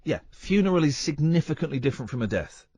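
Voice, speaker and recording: A man's voice: on the high side, very animated, mellow, slightly rough, no room sound, muffled recording. A man hosting a radio show, chatting casually and teasing his co-host. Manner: playful, teasing, quick to joke.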